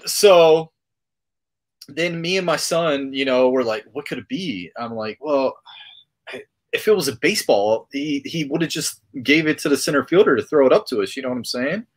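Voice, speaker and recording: A man's voice: medium pitch, normal speed. Chatty man telling a story. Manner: rambling, animated retelling with filler words. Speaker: podcast host. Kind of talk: casual storytelling.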